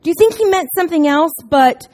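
A middle-aged woman with a high voice preaches a casual sermon to her congregation. She talks in a chatty, self-deprecating way and tells stories, now and then breaking into loud, excited bursts. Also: fairly quick.

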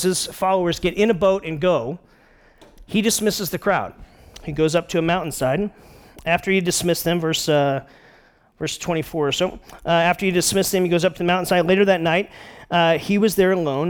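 Male pastor, middle-aged, relaxed joking sermon, voice sits a bit high. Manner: casual, joking, retells scripture with playful character voices.

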